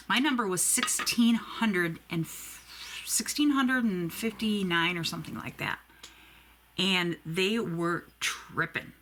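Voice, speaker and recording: A woman's voice: lowish voice, background noise. A woman in her forties telling a long rambling story while doing her makeup, chatty and swearing freely. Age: 40s. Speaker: beauty vlogger.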